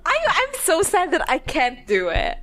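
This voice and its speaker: A woman's voice: very high-pitched, a little slow. A woman from the Philippines co-hosting a podcast, chatting casually about a TV episode and acting out lines with lots of laughter. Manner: giggly, animated, acts out lines in quoted voices. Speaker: podcast co-host. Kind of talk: casual chat recapping a TV episode.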